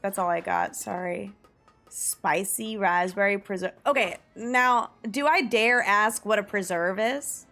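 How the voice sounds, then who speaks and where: A woman's voice: mid-range voice, measured pace, fairly bright tone. Young woman, streamer, casual chat, musing aloud, reads search results, faint game music behind.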